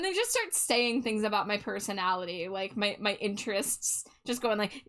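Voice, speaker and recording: A woman's voice: mid-range voice, animated, moderate pace, few pauses, a bit bright. A woman streamer chatting casually with her viewers while she draws, reading their messages aloud and laughing often.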